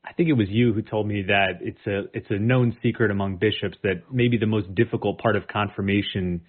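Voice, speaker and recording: A man hosting an interview show, leading the talk in a friendly, smooth way. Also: on the low side, fairly even intonation, fairly quick. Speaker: podcast host. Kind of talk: scripted show host intro and interview. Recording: phone-like sound with faint music.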